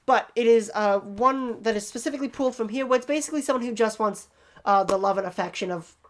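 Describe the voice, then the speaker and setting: A woman's voice: a little high, fast. A woman casually explaining tabletop game character tips in a rambling, self-deprecating way.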